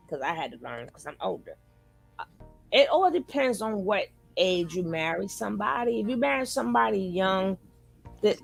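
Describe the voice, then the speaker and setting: Gravelly New York woman, playful. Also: mid-range voice. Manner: playful, joking, teasing. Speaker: panelist. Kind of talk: casual chat.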